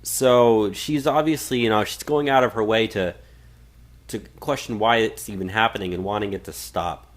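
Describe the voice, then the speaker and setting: A man's voice: on the low side, moderate pace. A man co-hosting a political talk podcast, reading out quotes and chatting with many fillers and restarts. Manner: reads quotes aloud, frequent fillers and restarts. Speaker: podcast co-host. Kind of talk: casual political talk radio.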